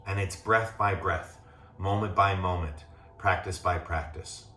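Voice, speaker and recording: A man teaching a gentle yoga class, guiding calmly as he demonstrates the poses and checking in with the class as he goes. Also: sits low, a little slow, distant mic, a little hiss or hum. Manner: calm, demonstrating as he talks, checks in with "right?". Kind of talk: guided yoga class instruction. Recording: echoey room, voice off-mic.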